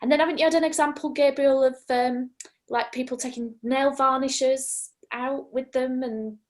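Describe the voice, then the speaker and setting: A woman's voice: high-pitched, fairly even intonation, moderate pace. A woman speaking on a webinar panel, chatty and self-correcting as she tells examples. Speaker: university lecturer and panelist. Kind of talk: casual webinar talk.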